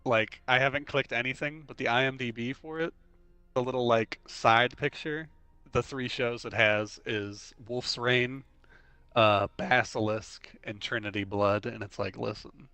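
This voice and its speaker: A man's voice: medium pitch, measured pace, smooth, dry recording, soft background music. A young man in his twenties, casually chatting on a livestream, rambling and saying "like" constantly as he tells stories. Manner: rambling, leans on the filler "like"; animated storyteller who acts out quotes. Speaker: livestream host. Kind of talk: casual chat while streaming.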